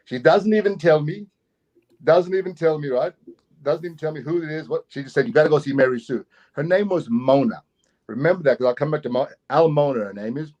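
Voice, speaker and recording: A middle-aged Australian man from Queensland, telling a story as an interview guest in a casual, lively way and acting out the people in it. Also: a little high, a little fast, lo-fi sound. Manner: animated, laughing, acts out the people in his story.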